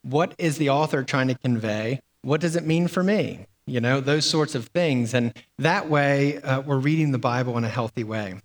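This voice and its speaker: A man's voice: mid-range voice, normal speed, hardly any pauses, long reverb tail. A man delivering a sermon as pastor, in a conversational way with fillers and repeated words.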